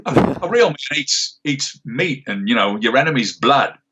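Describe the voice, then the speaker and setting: Gruff Australian sniper, blunt and dismissive, put on by a man, husky, from off-mic. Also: mid-range voice, very animated, moderate pace, sharp tone, pitched above the performer's own voice, full character voice, poor audio. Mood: scornful. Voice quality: blunt, clipped slang delivery.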